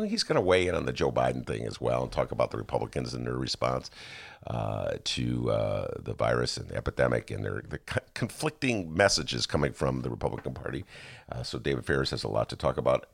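A man hosting a talk show, telling a comic story with excited, high-pitched asides. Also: fast talker, vocal fry. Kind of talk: casual comedic monologue.

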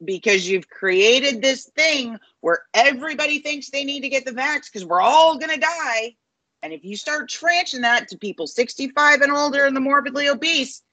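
A woman co-hosting a podcast, her voice a little high and husky with a bright, lively delivery. She talks in a confident, matter-of-fact way. The sound is dry and close. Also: moderate pace, no echo, poor audio. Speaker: podcast co-host. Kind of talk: casual political chat.

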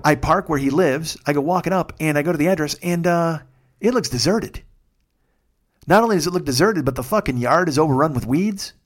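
A podcast host tells a story in a casual monologue, swearing freely and getting worked up as he goes. He is a man, and his voice sits a little higher than most men's. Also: brisk. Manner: profane, excitable, animated storytelling.

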